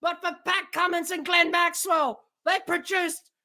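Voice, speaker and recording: Very high, bright Australian woman commentator. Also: a little slow, gravelly. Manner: excitable, yelling at big hits. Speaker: podcast host. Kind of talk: excited live cricket commentary.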